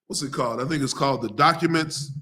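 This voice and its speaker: A man reading scripture aloud slowly, then retelling it in casual everyday talk as a teacher. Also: medium pitch, pushed and bright. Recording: live stream talk.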